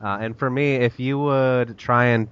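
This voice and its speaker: A man's voice: medium pitch, steady tone, measured pace, a bit bright, clear, resonant tone, dull audio. A young man co-hosting a casual podcast, joking and plugging the show. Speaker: podcast co-host.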